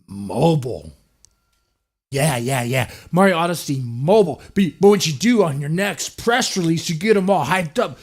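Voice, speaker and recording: A man's voice: on the high side, lively intonation, normal speed, hardly any pauses. Crude ranting man, podcast host. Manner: crude, profane, mocking rant with sudden shouted impressions. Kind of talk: ranting solo podcast commentary.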